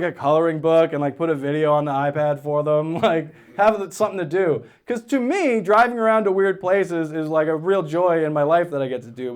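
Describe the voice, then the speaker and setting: A man doing stand-up comedy, telling a story on stage and dropping into flat, low-voiced quotes of other people. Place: theater stage with a live audience.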